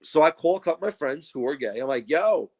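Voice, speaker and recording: A man's voice: mid-range voice, very fast. A man co-hosting a podcast, telling crude stories in casual chat, swearing freely and mimicking the people he quotes. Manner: profane, animated storytelling with mocking quoted voices. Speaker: podcast co-host.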